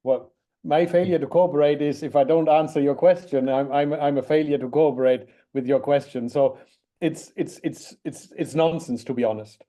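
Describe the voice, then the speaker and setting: Blunt man with a very mellow voice. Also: a little high, steady tone, moderate pace. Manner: blunt, dismissive. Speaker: guest pundit. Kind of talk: football commentary.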